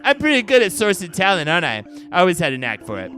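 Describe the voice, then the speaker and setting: A man's voice: huge pitch swings, quick pace, bright, forceful tone, soft background music, heavily acted. A man voicing a crude, arrogant male film director who insults everyone around him. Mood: rude. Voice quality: high, brash, sneering.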